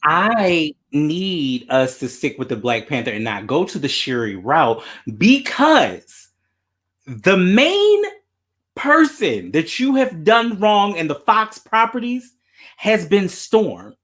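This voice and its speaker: A podcast host in casual chat, talking in an animated, emphatic and ranting way. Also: mid-range voice, slow pace.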